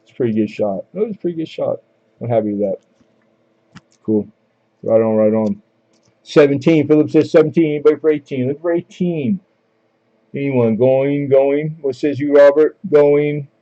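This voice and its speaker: A man hosts a live coin auction, calling for bids and joking with viewers between lots. His medium-pitched voice is very dark and mellow, with fairly even intonation, normal speed and frequent pauses. The audio is a bit dull and lo-fi, like a home stream mic.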